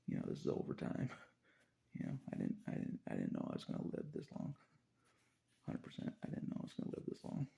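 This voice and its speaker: A man's voice: brisk, long pauses, dark tone. A man talking in a rambling, confessional monologue, repeating phrases and chuckling between thoughts.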